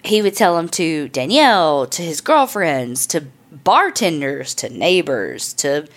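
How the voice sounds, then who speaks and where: A woman's voice: deep voice, very animated, unhurried. A woman hosting a podcast, telling a true crime story in a casual, chatty way, loose and profane with lots of "like" and "I mean". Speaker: podcast host.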